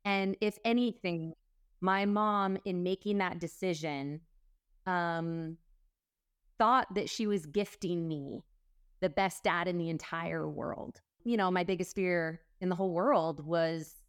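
A woman's voice: fairly low pitch, takes it slowly, clear, resonant tone, dry recording, studio quality. A woman guest in a conversation, telling a personal story earnestly, with a rush of quoted dialogue.

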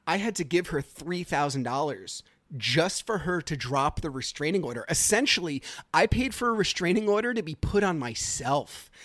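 A man's voice: on the high side, fairly bright tone, no echo. A man hosting his own podcast, telling a personal story in a casual, rambling way with lots of fillers and restarts. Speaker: podcast host.

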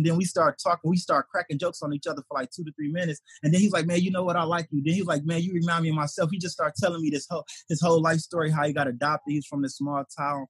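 Fast-talking husky man from Detroit. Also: on the high side, no room sound. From Detroit, USA. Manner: animated, acts out quoted voices. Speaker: stand-up comedian. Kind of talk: storytelling in conversation.

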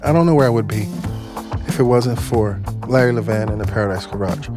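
A man's voice: fairly low pitch, brisk. Man telling a story over music. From United States. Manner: animated, heavy use of 'like'. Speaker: storyteller guest. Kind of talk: personal storytelling. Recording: music playing underneath.

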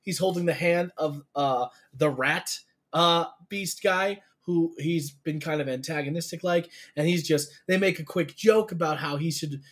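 A man co-hosting a podcast, chatting excitably and rambling, swearing freely as he tells stories. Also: on the high side, moderate pace. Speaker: podcast co-host. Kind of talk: casual chat.

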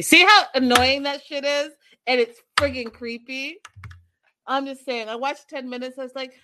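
A woman casually recapping a reality show episode, chatty and animated, with sarcastic asides. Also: high voice, normal speed, a little hiss or hum.

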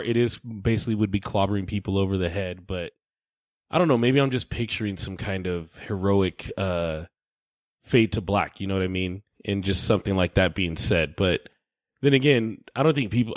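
A man's voice: on the low side, fairly quick, no echo, clean studio sound. A man co-hosting a podcast in casual chat, laid-back, laughing often and swearing easily. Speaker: podcast co-host.

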